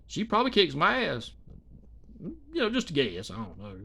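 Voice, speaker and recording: A man in casual reaction commentary with a high, lively and bright voice. He rambles and swears, leaning on fillers like "like" and "you know". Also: moderate pace, vocal fry, husky.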